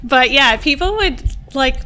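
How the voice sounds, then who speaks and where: A chatty American woman co-hosting a relaxed podcast, her voice high and bright. She laughs easily and restarts her sentences. Faint ambience sits under the recording. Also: unhurried, a little hiss or hum. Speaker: podcast co-host. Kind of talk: casual chat.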